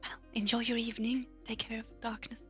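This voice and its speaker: A woman's voice: a little high, level tone, brisk, a bit bright, muffled recording, faint music behind. A woman playing a tabletop game, playful in her talk. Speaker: player.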